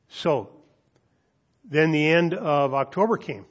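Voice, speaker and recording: Man preaching a measured sermon. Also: a little high, husky. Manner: measured, deliberate reading with dramatic pauses; animated storytelling, lifting his voice for quoted students. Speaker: pastor.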